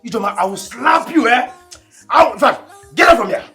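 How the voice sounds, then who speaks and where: A bullying Nigerian brute. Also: male voice, very high voice, expressive, a little fast, vocal fry, soft background music, exaggerated voice. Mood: menacing. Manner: menacing, shouts threats. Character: lustful bullying man claiming his late brother's widow.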